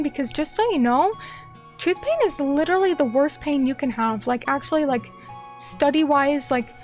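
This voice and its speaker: High-voiced excitable woman streamer. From United States. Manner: excitable, gushing, ranting. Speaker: vtuber streamer. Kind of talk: casual chat reading viewer comments.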